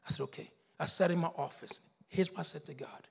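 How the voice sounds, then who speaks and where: A man, preaching a sermon as pastor, telling a story in hushed tones and building to shouted exhortation. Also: mid-range voice, fast, vocal fry, few pauses, slightly rough, big-room sound.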